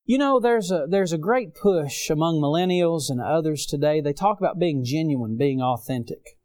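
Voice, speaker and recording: Middle-aged male preacher, fairly high, smooth and clear voice, dynamic sermon delivery. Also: animated, normal speed, darkish tone. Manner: preaching with dramatic rises and drops in volume.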